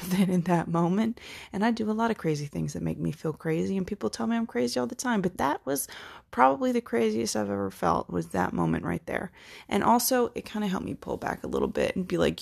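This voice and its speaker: A woman's voice: on the low side, gravelly. A woman talking to camera in a casual, candid and profane monologue, slipping often into quoted self-talk, emotionally worn. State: emotionally worn, crying daily.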